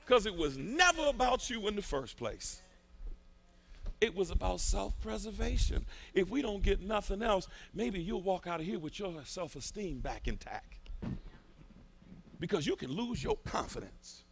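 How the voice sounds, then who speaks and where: A man preaching with fervor, building repeated phrases and rising into shouts. His voice is high, bright, and lively, and it swings widely in pitch. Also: unhurried, vocal fry, slightly rough. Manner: fervent, colloquial, repetitive, shouting at peaks. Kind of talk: sermon.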